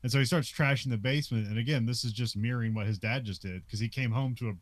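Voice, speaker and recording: A man's voice: medium pitch, fast talker. A man co-hosting a podcast, recapping a film in casual chat, laughing often and filling his sentences with "like" and restarts. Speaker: podcast co-host.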